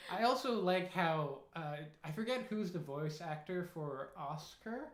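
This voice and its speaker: A woman's voice: on the low side, lively intonation, unhurried. A woman co-hosting a stream in casual chat, swearing now and then and filling with "like". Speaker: co-host. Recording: roomy echoey room.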